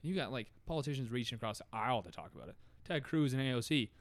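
A young man in casual podcast chat, animated and swearing freely, his voice jumping up when he gets worked up. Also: mid-range voice, quick pace, dry recording. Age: young adult.

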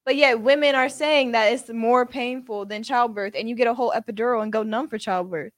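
Podcast co-host: a blunt, emphatic woman, fairly high voice, dry close sound. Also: brisk, no room sound. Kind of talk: casual podcast chat.

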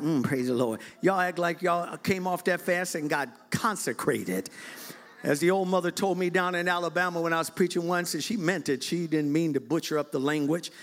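A middle-aged man preaching a lively church sermon to his congregation, playful and animated, breaking into shouts and laughter. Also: fairly high pitch, slight background noise. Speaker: bishop preaching.

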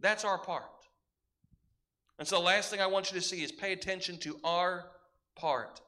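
A man delivering a sermon with a strikingly high-pitched voice. His tone is bright and forceful, and he drives each point home with emphatic, repeated parallel phrases in a classic preaching cadence. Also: steady tone, normal speed. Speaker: pastor.

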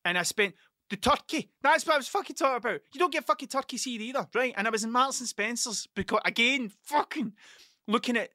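Rambling sweary Scottish man, bright voice. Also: very high-pitched, quick pace, no room sound, clean studio sound. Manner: rambling, heavily profane, self-interrupting. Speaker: podcast host. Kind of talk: casual monologue.

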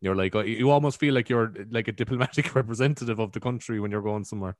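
A man's voice: on the low side, fast, dry recording, clean studio sound. A man with a Cork Irish accent, a podcast guest chatting in an easygoing, enthusiastic way with lots of fillers. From Ireland. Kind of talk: casual chat.

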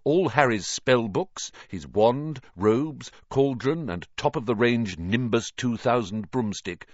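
A man reading a children's novel aloud as an audiobook narrator, with an expressive storytelling delivery. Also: mid-range voice, takes it slowly, no room sound, muffled recording. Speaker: audiobook reader.

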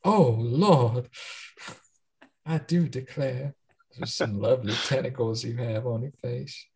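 A woman's voice: extremely low pitch, slow, a little mellow, slight background noise, voice pushed up, heavily acted. A woman hamming up a swooning Southern belle. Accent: American Southern, put on. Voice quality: drawling, theatrical.

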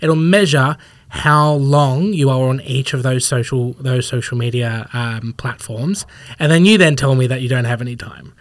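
A man's voice: medium pitch, moderate pace, no room sound. A man talking as a podcast guest, rambling casually and acting out what people think in little quoted asides. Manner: rambling, acts out imagined people's thoughts in quotes. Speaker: podcast guest, fitness professional. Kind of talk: casual conversational interview.

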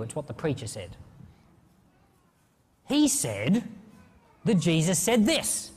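A man preaching a sermon in an animated, conversational way. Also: a little high, slightly rough, in a large hall. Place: church.

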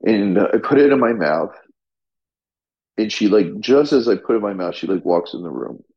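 Speaking at a moderate pace with a fairly low pitch and lively intonation, a middle-aged man recounts his life as a firefighter and paramedic in an interview. The recording is muffled, and his telling is raw and blunt, peppered with profanity and restarted sentences.

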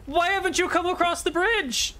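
A man's voice: very high-pitched, normal speed, bright, forceful tone, pitched above the performer's own voice. A man voicing a smug woman spellcaster who haughtily demands answers in a tabletop game. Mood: haughty.

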